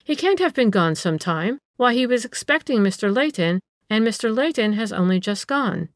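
A woman's voice: on the high side, very animated, moderate pace, no room sound, pitched above the performer's own voice. A woman voicing a wary aunt in a storybook reading, asking dry, questioning remarks. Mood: suspicious.

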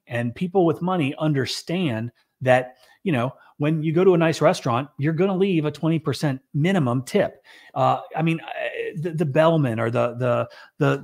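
A middle-aged man, a business owner, chatting casually on a show and rambling with lots of restarts and fillers. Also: fairly high pitch. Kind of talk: casual chat.

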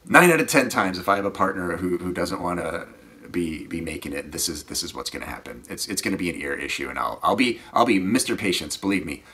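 Low-voiced, rambling scuba instructor. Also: male voice, quick pace, slight background noise. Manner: animated, rambling, often trails off quietly. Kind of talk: casual anecdotal storytelling.

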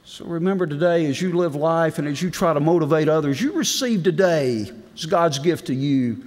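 A middle-aged man preaching a devotion in a folksy storytelling manner, swinging between loud and hushed delivery. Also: a little high, expressive, normal speed. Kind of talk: sermon. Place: large legislative chamber. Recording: long reverb in a big hall.

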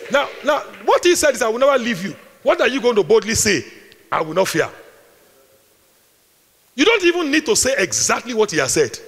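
A man with a Nigerian accent preaching a sermon, repeating his lines with force and building up to shouts. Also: high-pitched, vocal fry, breathy edge. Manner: preaching with emphatic repetition, rising to shouts. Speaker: pastor. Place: large hall at a retreat. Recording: echoey hall, long reverb.

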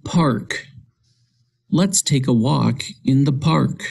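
A man's voice: medium pitch, very slow, gravelly, darkish tone, slightly rough, no room sound, studio quality. A man reading spelling words in a scripted dictation, saying each word, a sentence with it, then the word again. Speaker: recorded dictation voice.

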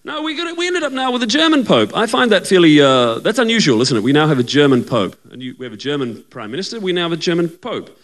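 A male stand-up comedian who chats and teases, checking in with the crowd with short questions. His voice sits fairly high for a man and moves about freely in pitch. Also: very animated, fast talker, few pauses, a bit bright. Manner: chatty, teasing, asks the crowd for agreement.

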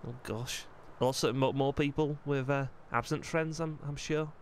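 A man putting on a friendly Scouse spirit medium who talks in loose, rambling bursts, dropping mate and lad into everything. The voice sits at an ordinary middle pitch, with a faint hum of noise behind it in this game role-play. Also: steady tone, normal speed, lightly acted.

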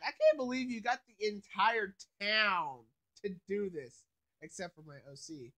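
Brief: sleepy man with a high voice, rambling casually through a cartoon review. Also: a little slow, sharp tone. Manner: rambling, with many filler phrases. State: sleepy, yawning.

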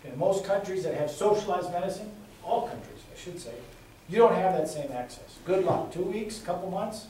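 A man's voice: high-pitched, expressive, moderate pace, dark tone, slight background noise. A middle-aged man giving a campaign speech as a candidate, telling folksy stories and repeating his points for emphasis. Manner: folksy storytelling with emphatic repetition. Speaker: congressional candidate. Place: indoor meeting room. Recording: echoey room, recorded from far off.

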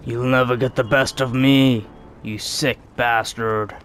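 A man's voice: medium pitch, fairly even intonation, a little slow, fairly bright tone, a little hiss or hum. A man giving joking, mock-dramatic let's play commentary. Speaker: gaming YouTuber.

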